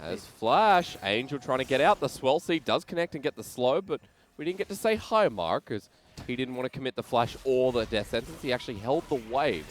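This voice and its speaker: An Australian man casting a video game match, calling the action quickly and cracking jokes in the lulls. His voice sits at an ordinary middle pitch, and he rises sharply into bursts of excitement on big plays. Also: slight background noise. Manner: excitable, joking banter between calls. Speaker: esports caster. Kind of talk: play-by-play esports commentary.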